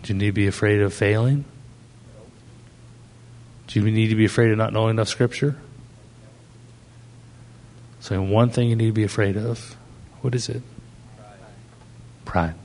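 A man's voice: fairly low pitch, level tone, normal speed, long pauses, darkish tone. A man preaching a sermon to young people, asking the audience questions and telling stories from his ministry. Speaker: pastor.

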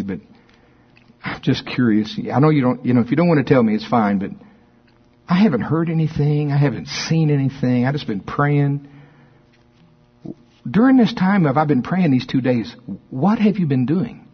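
A man preaching a sermon, telling stories with animated delivery and acting out quotes in a raised voice. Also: mid-range voice, husky, muffled recording. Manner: animated storytelling, acts out quotes with rising voice.

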